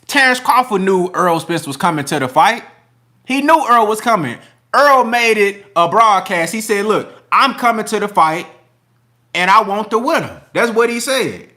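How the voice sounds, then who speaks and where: A man's voice: sits high, pushed and bright. A man hosting a casual boxing livestream, reading super chats with slangy, laughing banter.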